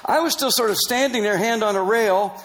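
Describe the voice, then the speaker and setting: High-voiced man telling a lively story. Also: fairly quick, rough recording. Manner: animated, laughing often, acting out quoted dialogue. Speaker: Christian missionary. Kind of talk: personal storytelling in conversation.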